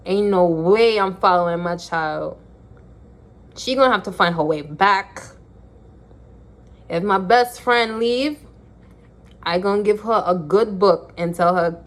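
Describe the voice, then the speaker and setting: Emphatic woman talking to camera. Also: on the low side. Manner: emphatic, repeats lines for effect. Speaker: vlogger. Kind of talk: casual talk to camera.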